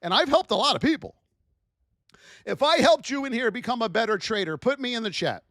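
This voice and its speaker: A man teaching trading on a livestream in a fired-up, preachy way, often yelling for emphasis. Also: very high-pitched, animated, a little fast, no room sound, clean studio sound.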